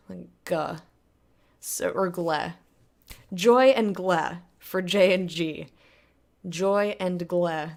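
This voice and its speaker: Woman w a lower voice rambling thru a pronunciation lesson, lots of ums. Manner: rambling, chatty, with many fillers. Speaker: language tutor. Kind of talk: casual spoken lesson.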